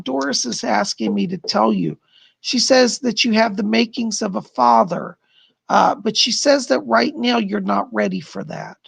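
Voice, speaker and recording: A man's voice: high-pitched, gravelly, husky, dry recording. A man hosting a live-stream and giving psychic readings in a chatty way, reading out viewers' questions and relaying spirit messages. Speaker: psychic livestream host.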